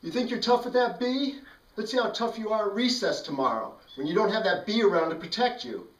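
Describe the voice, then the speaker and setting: A man's voice: animated, brisk. A man putting on a blustering schoolboy bully. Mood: angry blustering. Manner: shouting, high-pitched, indignant. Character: tough-guy wannabe schoolboy, loud and blustering. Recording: roomy, mic at a distance.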